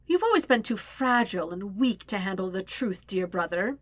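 A woman's voice: medium pitch, very animated, moderate pace. A woman voicing a cruel, gloating teenage princess who taunts in a sing-song croon, in an audiobook-style fiction reading. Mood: taunting.

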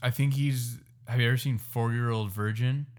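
A man co-hosting a casual chat, loud and laid-back, saying "dude" a lot. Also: mid-range voice, fairly even intonation, normal speed.

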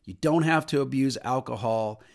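A middle-aged minister hosts a podcast, preaching earnestly at a moderate pace with some vocal fry. He lifts his voice on scripture and drops it low for personal stories in this sermon-style talk.

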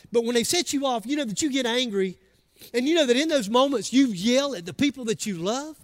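A man preaching a conversational, emphatic sermon to a church congregation, often acting out what people say. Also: very high-pitched. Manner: conversational, emphatic, acts out quoted voices. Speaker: pastor. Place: church sanctuary.

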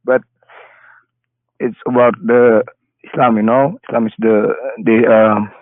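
A male caller who stumbles over his words, restarting and pausing often. His mid-pitched voice comes through dry and narrow, like a phone call. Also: level tone, dry recording. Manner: hesitant, stammering, halting. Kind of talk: hesitant debate call.

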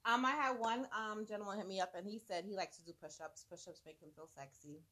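A woman's voice: mid-range voice, fast talker, pushed and bright. A woman co-hosting a podcast, telling frank stories in an easygoing way. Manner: frank, laughing, easygoing storytelling. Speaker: podcast co-host. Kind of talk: casual chat.

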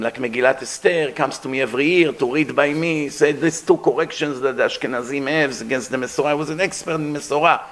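An aged man giving a religious lecture, animated and conversational, acting out the sounds he describes. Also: a little high. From Middle East. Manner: animated, demonstrates throat sounds, conversational asides.

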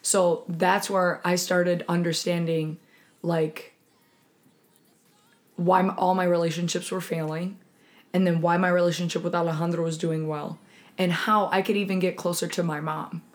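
A woman's voice: on the low side, moderate pace. A woman in her twenties co-hosting a podcast, talking candidly in casual chat and acting out quotes as she tells stories. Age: 20s. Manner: candid, animated storytelling with acted-out quotes. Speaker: podcast co-host.

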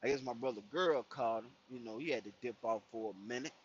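A man's voice: medium pitch, quick pace, husky, muffled recording. A young man telling a profane story in casual chat from his car, full of "you know what I'm saying". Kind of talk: casual storytelling while driving.

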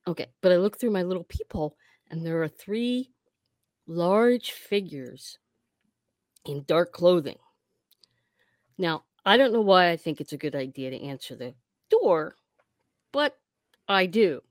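Lively woman co-host spinning a story. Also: fairly low pitch, a little slow, long pauses, no room sound, studio quality. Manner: animated anecdote teller, acting out quotes. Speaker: podcast co-host. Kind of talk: casual storytelling.

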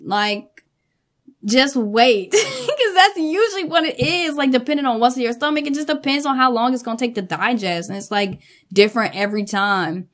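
A woman vlogging casually, animated and quick to laugh, cursing freely, with features. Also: sits high. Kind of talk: casual storytelling chat.

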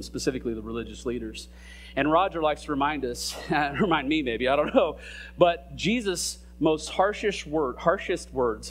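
A man preaching a sermon in a conversational way, with fillers and casual asides between scripture readings. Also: a little high. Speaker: pastor.

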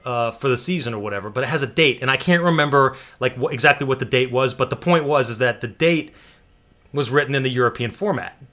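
An American man telling a long story in casual chat, animated and laughing, with some swearing. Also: medium pitch, quick pace. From United States.

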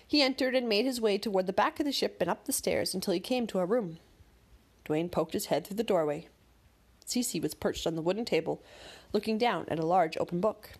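A woman narrating a bedtime story in a calm, gentle, measured way. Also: mid-range voice.

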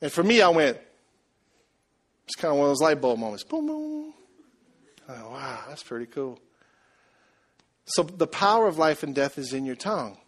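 A man preaching a sermon, telling a story and asking the congregation questions in a lively, conversational way. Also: fairly high pitch, a little fast. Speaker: pastor.

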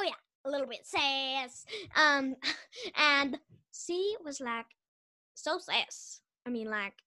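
High bright woman telling a rambling story. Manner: giggly, restarts often, lots of "like". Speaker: podcast host.

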